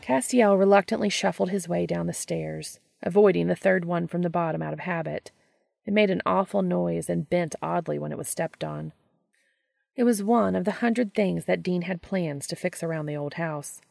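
A woman reading a story aloud in a calm, steady manner. Her voice is deep and very gravelly, recorded dry with no room sound. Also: normal speed, no room sound, faint music behind. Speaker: narrator. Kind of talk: audiobook reading of fan fiction.

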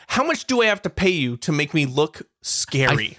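A woman co-hosts a playful podcast chat, laughing easily and swinging her voice up into squeals. Her pitch roams widely as she goes. The recording is close and dry. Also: normal speed, hardly any pauses, no echo. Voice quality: giggly, animated, jumps into high squeals. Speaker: podcast co-host. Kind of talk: casual comedic chat.

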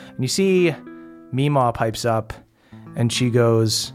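A game master narrating a tabletop role-playing session in a loose, chatty way. The voice sits mid-pitch with faint music behind. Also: takes it slowly, long pauses. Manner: relaxed, chatty, laughs between lines.

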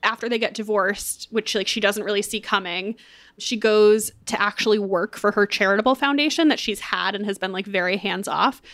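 A woman's voice: mid-range voice, normal speed, a bit bright, no room sound. A young woman co-hosting a podcast, chatting in an upbeat way with lots of casual fillers. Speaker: podcast co-host. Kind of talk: casual chat with ad read.

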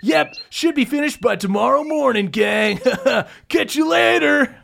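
A game master voicing a laid-back male surfer-dude ape who talks in surfer slang and shouts a lot. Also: sits high, lively intonation, a little slow, gravelly, slight background noise, voice pushed up, full character voice. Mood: lazy.

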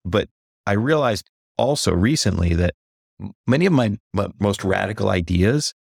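A deep-voiced man with a gravelly, creaky edge talks as a guest on a podcast, open and reflective. The sound is close and dry, with no room around it. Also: no echo. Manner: reflective, candid, slows to stress points and gets animated when recounting. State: briefly emotional. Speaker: executive coach, guest. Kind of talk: podcast interview.

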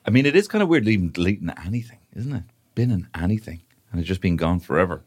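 A man's voice: deep voice, lively intonation, husky. A man co-hosting a comedy podcast, rambling in casual chat with lots of fillers. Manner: rambling, quick, full of fillers like "kind of". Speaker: podcast co-host.

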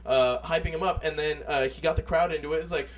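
A man's voice: on the high side, steady tone, fast talker. A man co-hosting a podcast, telling a rambling story in casual chat. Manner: rambling storyteller, many fillers and restarts.

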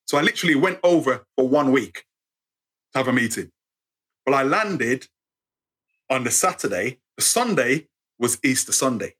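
Husky, bright-voiced English man in his fifties. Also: mid-range voice, moderate pace, pauses often. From England. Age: 50s. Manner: animated, acts out voices in anecdotes. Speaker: guest storyteller. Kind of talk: casual interview storytelling.

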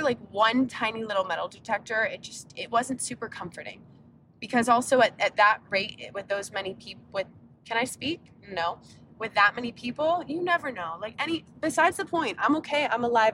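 Chatty young woman podcasting from a car. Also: pushed and bright. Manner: rambling, chatty, self-interrupting. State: sick, yawning. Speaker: podcast host. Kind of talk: casual solo podcast talk. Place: inside a car on a road trip. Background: faint road rumble.

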